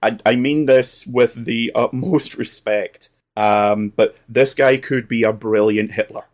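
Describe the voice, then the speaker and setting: A man in casual podcast chat who riffs on a film with dry sarcasm and plenty of cursing. His voice sits at an ordinary middle pitch, and his delivery is loose and amused. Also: fairly even intonation, measured pace. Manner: wry, sarcastic and profane asides, laughs often. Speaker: podcast co-host.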